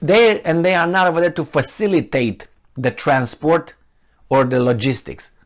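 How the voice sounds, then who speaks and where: Man with a delivery commenting on news. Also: fairly high pitch. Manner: halting, many fillers and restarts, grows heated and sarcastic. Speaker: commentator reading news aloud. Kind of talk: casual spoken commentary on news articles.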